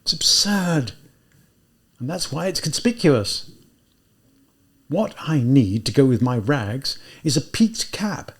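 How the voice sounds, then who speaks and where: A man's voice: mid-range voice, big pitch swings, takes it slowly, long pauses, husky, full character voice. A man reading aloud voices an anxious, impoverished young male student who mutters nervously to himself and sometimes drops to a whisper. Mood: anxious muttering.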